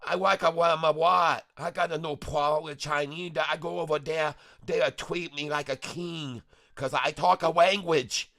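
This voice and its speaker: A man's voice: fairly high pitch, steady tone, moderate pace, gravelly, pushed and bright, voice pushed up. A man voicing a boastful male character with a put-on Taiwanese accent and broken grammar, as a silly livestream bit. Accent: put-on Taiwanese-accented English.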